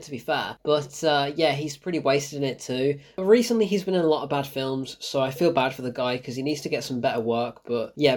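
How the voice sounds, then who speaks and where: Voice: medium pitch, breathy edge. A film reviewer, giving a casual spoken review in an exasperated, sarcastic way, laughing often and swearing.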